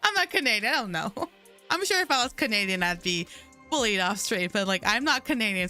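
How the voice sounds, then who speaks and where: A woman's voice: fairly high pitch, big pitch swings, fast talker, sharp tone, soft background music. A young American woman streaming live, chatting casually with viewers, laughing often and trailing off mid-sentence. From United States.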